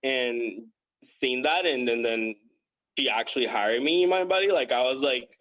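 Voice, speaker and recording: Man telling a lively story. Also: normal speed. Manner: animated, acts out quoted voices with big pitch jumps; chatty with frequent fillers. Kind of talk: casual podcast storytelling.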